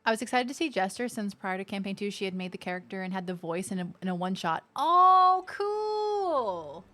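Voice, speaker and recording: A woman streaming a game, chatting casually and reacting with animated outbursts and swearing. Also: medium pitch, fairly quick. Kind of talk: casual gaming commentary.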